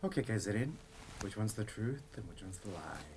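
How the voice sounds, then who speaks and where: Upbeat interviewer with lively pitch. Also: a little fast, slight background noise. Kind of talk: casual interview questions.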